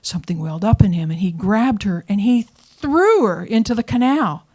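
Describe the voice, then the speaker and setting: A woman telling a story live to an audience, with dramatic pacing and hushed moments for suspense. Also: mid-range voice, moderate pace. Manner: lively, dramatic pacing, drops to whispers for suspense. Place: performance venue showroom.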